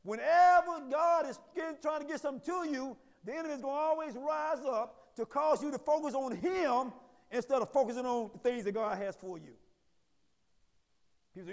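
A high-voiced man preaches a sermon, rising into shouted peaks and dropping into folksy asides. His voice rings through a church hall with a long reverb. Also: animated, moderate pace. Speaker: pastor. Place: church sanctuary.

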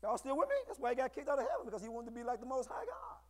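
High-voiced preaching man in an echoey hall. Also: wildly swooping pitch, racing. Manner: call-and-response preaching, rising to shouts. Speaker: pastor. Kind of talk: sermon. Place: church sanctuary.

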